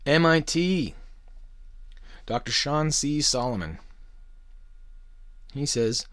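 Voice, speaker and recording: A man's voice: mid-range voice, big pitch swings, slow pace, long pauses, a bit bright, no echo, clean studio sound. A young man hosting a podcast, delivering a crude, swear-filled conspiracy monologue with mocking jokey asides. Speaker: podcast host.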